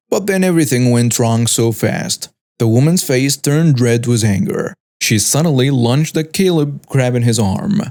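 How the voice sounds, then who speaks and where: A man narrating a first-person story in a steady, even storytelling delivery. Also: mid-range voice.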